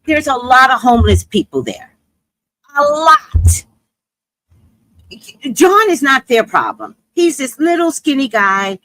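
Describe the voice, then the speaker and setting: A woman's voice: a little high, fairly bright tone, no room sound, poor audio. A woman telling a comedic story in a monologue, acting out the people she quotes and swearing freely.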